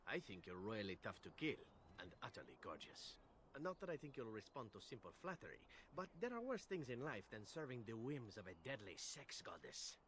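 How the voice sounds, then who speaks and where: An actor playing a charming, flirtatious male elf assassin in a video game, with a Spanish accent and a smooth, flattering delivery. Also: on the low side, fairly quick, a little hiss or hum.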